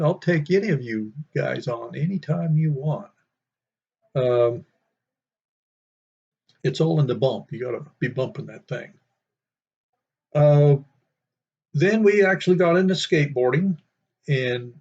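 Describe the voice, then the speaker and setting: A man's voice: mid-range voice, a little mellow, breathy edge. An older man reminiscing in a casual, rambling way, full of fillers. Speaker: storyteller. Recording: dull lo-fi sound.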